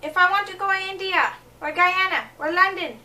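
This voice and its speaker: Bright-voiced young woman vlogging. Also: very high-pitched, normal speed, far from the mic, a little hiss or hum. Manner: animated, acting out scenes with quoted voices. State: jet-lagged, low energy. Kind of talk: comedic storytelling vlog.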